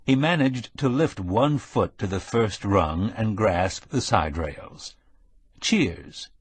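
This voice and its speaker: A man narrating a mystery audiobook in a measured, steady storytelling manner. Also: lowish voice, slightly rough. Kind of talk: scripted narration.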